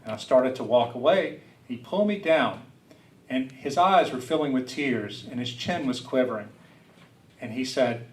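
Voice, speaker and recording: A man's voice: medium pitch, moderate pace, recorded from a distance, slight background noise. A middle-aged man from south Louisiana giving a personal, reflective lecture, speaking earnestly and restarting his sentences now and then. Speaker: public speaker. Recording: roomy hall, speaker away from the mic.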